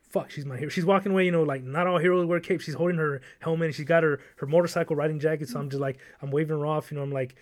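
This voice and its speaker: A man's voice: on the high side, steady tone, very fast. A young man hosting a podcast, telling a long rambling, profane story in casual chat. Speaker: podcast host.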